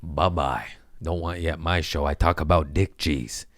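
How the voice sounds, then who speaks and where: A man's voice: a bass voice, fairly even intonation, normal speed, a bit bright, no echo, studio quality. A man hosting his own podcast, rambling crudely in a casual monologue and laughing at his own jokes. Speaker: podcast host.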